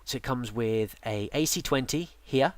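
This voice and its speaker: A man's voice: medium pitch, moderate pace, no echo. Tired, rambling man with a dry close sound. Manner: relaxed, rambling with many ums and restarts. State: yawning, tired. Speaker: game guide presenter. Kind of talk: casual game tutorial narration.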